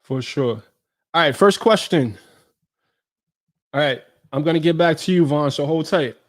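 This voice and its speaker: A man's voice: on the high side, a little slow. A man from New York hosting a casual live Q&A stream, talking loosely in slang and greeting viewers by name. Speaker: fitness creator hosting a live Q&A. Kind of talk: casual livestream chat.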